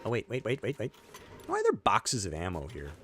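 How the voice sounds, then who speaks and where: A man's voice: on the low side, a little fast, slight background noise. A man streaming a game, joking through casual play-by-play commentary. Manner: joking, animated play-by-play with put-on quotes.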